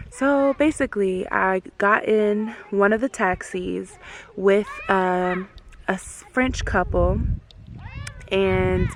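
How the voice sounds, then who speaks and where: A woman's voice: mid-range voice, fairly bright tone. A young woman in her twenties telling a travel story in a casual, chatty way, full of fillers and asides. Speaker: travel vlogger. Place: outdoors in the desert. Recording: noisy outdoor camera audio.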